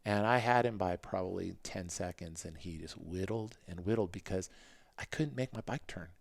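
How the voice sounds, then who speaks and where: A man in his fifties, a podcast guest, telling racing stories in a casual, animated way and acting out what people said. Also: moderate pace, creaky, no echo. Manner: animated, acts out quotes in a higher voice. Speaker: podcast guest, former motocross racer. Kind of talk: casual interview storytelling.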